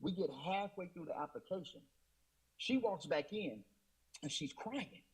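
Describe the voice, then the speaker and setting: A man's voice: high voice, animated, a little slow, slightly rough, low-quality recording. A man as an interview guest, earnestly retelling a personal testimony with many fillers and restarts.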